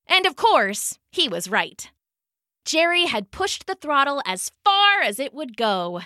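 A woman reading a children's story aloud with an animated, expressive delivery and playful sound-effect words. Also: high-pitched, unhurried, dry recording, studio quality.

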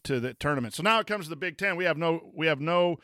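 A man's voice: fairly high pitch, lively intonation, quick pace, bright, forceful tone, dry recording, clean studio sound. A man, a former coach co-hosting a casual sports chat, rambling with many fillers and restarts. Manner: reads chat comments aloud. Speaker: podcast co-host, former coach.

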